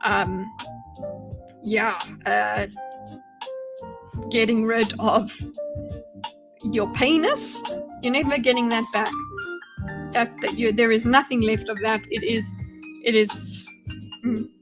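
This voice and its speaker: A woman's voice: fairly high pitch, takes it slowly, pauses often, over music. A woman hosting a live stream, casually reacting to a debate video, thinking aloud and greeting her chat. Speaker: commentary streamer.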